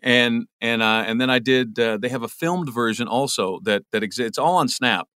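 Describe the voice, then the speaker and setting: Middle-aged voice actor guy chatting, restarts a lot, mid-pitched, dry close sound. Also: normal speed, sharp tone, clean tone, no echo. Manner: rambling, many restarts and repeated words. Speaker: voice actor guest. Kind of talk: casual interview chat.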